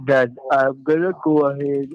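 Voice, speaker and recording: A man's voice: mid-range voice, little pitch movement, moderate pace, no echo. A man on a phone call as a call-center agent, reading formulaic lines and repeating "ma'am". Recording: dull lo-fi phone line.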